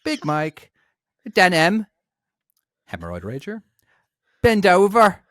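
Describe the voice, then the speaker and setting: An Irish man putting on an exaggerated Dublin accent for a loud, sing-song roll call of names. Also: sits high, huge pitch swings, takes it slowly, no echo, full character voice. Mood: hammy.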